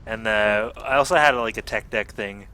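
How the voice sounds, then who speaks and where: A man's voice: on the low side, moderate pace, bright, forceful tone, a little hiss or hum. A young man in his twenties, chatting casually while playing a game, laid-back with short replies. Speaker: gaming streamer. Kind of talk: casual chat while gaming.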